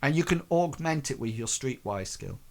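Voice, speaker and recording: A man's voice: mid-range voice, animated, moderate pace, creaky. A man narrating a tabletop game as game master, hesitant and full of fillers.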